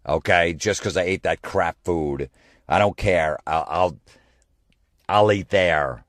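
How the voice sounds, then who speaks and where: A man hosting a comedy podcast, ranting in a profane, exasperated way and mocking people with quick impressions. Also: sits low, no room sound, clean studio sound.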